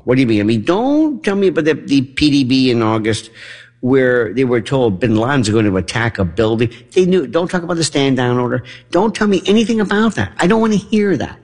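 A man talking in a casual monologue, animated and ranting, firing off rhetorical questions. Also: mid-range voice, a little fast.

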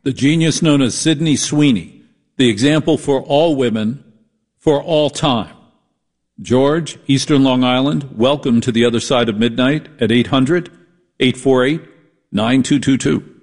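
A man's voice: medium pitch, a little slow, a little mellow. A man from the Northeastern United States hosting a late-night radio call-in show, brash, sarcastic and combative. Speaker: radio talk show host.

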